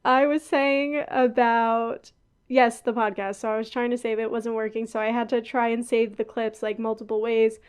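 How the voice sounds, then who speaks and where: Chatty young woman podcaster, slightly high. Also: little pitch movement, normal speed, clean tone. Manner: chatty and rambling, with frequent laughs and asides. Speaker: podcast host. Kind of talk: casual chat. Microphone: headphones on, talking into a podcast mic.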